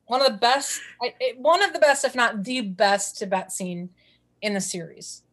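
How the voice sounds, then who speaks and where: A woman's voice: a little high, normal speed, fairly bright tone. A woman from southeastern Wisconsin, co-hosting a podcast in chatty, enthusiastic casual talk. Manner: chatty, enthusiastic, repeats words for emphasis. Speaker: podcast co-host. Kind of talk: casual chat.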